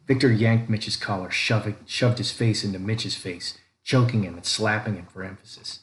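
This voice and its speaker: Male audiobook narrator, low voice, steady reading, roomy echo. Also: brisk, few pauses. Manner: reads all characters, lifting pitch and volume for quoted lines. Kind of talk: scripted narration. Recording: echoey room with faint background noise.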